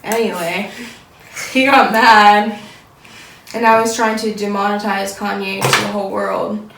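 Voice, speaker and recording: A woman's voice: medium pitch, steady tone, measured pace, gravelly. A woman chatting casually as co-host, rambling, giggling and losing her train of thought. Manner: giggly, rambling, loses track. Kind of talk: casual chat. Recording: roomy, distant mic, faint background noise.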